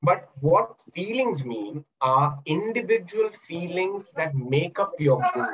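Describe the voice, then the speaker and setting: Guy coaching in a webinar, pitched a bit high, muffled video call audio, keeps asking questions. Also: sing-song, slow pace, a bit bright. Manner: explains by asking questions and acting out examples. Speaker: NLP coach and trainer. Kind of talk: webinar talk.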